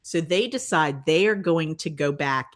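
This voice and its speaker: An older woman co-hosting a podcast, retelling a TV episode in a casual chat and acting out the characters' lines. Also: unhurried. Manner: animated storyteller, acts out quotes with big pitch jumps. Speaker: podcast co-host.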